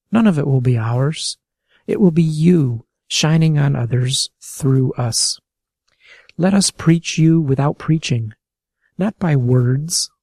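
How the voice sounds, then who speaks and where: A man reads a prayer in a solemn, earnest voice with a mellow, darker tone. The recording is dry and close, without room sound. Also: medium pitch, no echo. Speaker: prayer reader. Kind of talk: read prayer.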